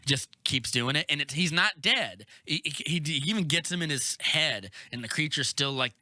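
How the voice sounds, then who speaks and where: A man co-hosting a casual podcast about movies, retelling plot scenes with excited rambling and some swearing. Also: a little high, moderate pace, no echo, clean studio sound. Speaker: podcast co-host.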